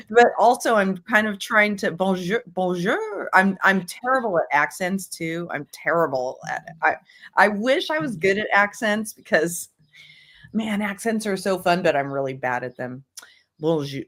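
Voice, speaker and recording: A woman's voice: mid-range voice, expressive, unhurried, fairly bright tone. A woman hosting a casual livestream book club, rambling with many fillers and restarts and tossing in words from other languages. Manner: jokingly drops bits of other languages.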